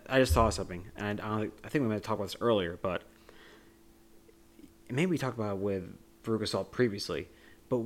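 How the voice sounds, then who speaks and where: A young man co-hosting a podcast, recapping a movie in a rambling, joking way with frequent laughs. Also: on the low side. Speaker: podcast co-host. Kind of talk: casual movie discussion.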